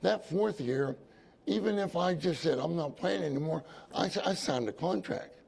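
A man delivers a sermon testimony in a gravelly, husky voice that sits a little high for a man. His tone is dark and mellow, and he tells his story in a loose, repeating way, breaking off now and then to reassure his listeners. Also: normal speed. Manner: storytelling, repeats phrases, asides to the congregation. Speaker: preacher.

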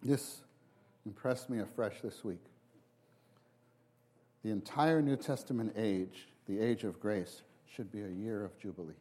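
A man preaching a sermon, halting and repeating himself, then acting out quotes with sudden big jumps in voice. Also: on the low side, mellow. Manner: halting restarts, repeats words.

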